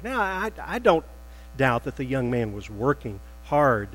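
A man preaching a sermon as pastor, emphatic and animated, acting out quoted lines with rising bursts. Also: mid-range voice, measured pace, big-room sound, rough recording.

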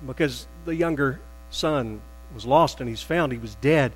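Animated preaching man in a reverberant hall. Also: medium pitch, unhurried. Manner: emphatic, animated preaching with rising bursts and quoted voices. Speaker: pastor. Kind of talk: sermon.

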